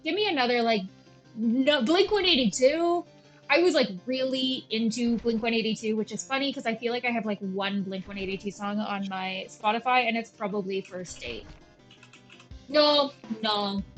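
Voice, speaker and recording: A woman's voice: a little high, moderate pace, soft background music, rough recording. A young woman chatting casually and self-deprecatingly as she comments on a game she is playing at home, drifting off into tangents. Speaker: gaming channel host. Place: at home with her cats.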